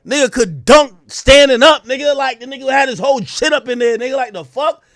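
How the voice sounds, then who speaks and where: A man streaming live, ranting to his chat in a crude, animated way that bursts into shouting. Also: very high-pitched, brisk, no echo, studio quality.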